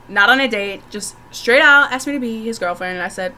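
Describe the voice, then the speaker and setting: A young woman tells candid stories straight to her viewers in a bright, forceful voice. She is frank and profane and laughs often as she talks. A faint hum of room ambience sits under her voice. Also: on the high side, moderate pace. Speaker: vlogger. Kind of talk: candid storytelling to camera.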